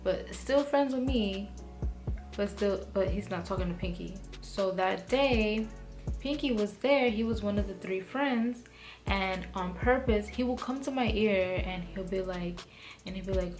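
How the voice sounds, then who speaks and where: A woman's voice: mid-range voice, a little slow. A young woman telling a storytime vlog in a heated, profane, rambling way, full of "like" and restarts. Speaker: vlogger. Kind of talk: casual storytime monologue. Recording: music playing behind her voice.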